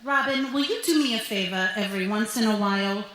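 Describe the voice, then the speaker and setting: A woman voicing her blunt, worried middle-aged mother, who fires off sharp, deadpan quips on a stage with echoing sound. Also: medium pitch, brisk, close to an everyday voice. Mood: dry, skeptical. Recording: echoey club stage.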